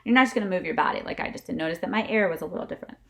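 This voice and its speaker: A woman's voice: lowish voice, very fast. A woman teaching a music lesson to camera, chatty and often checking in with "okay?", demonstrating breath kicks with short huffs. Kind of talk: instrumental lesson video.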